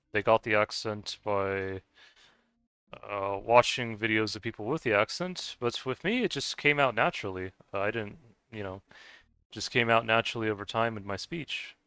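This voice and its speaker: A man with a Scottish-sounding accent talks casually to his livestream chat, wandering from point to point as he answers questions. His voice sits fairly low but sounds bright and forward. The sound is close and dry. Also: measured pace, smooth, no echo. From United States. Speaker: game streamer.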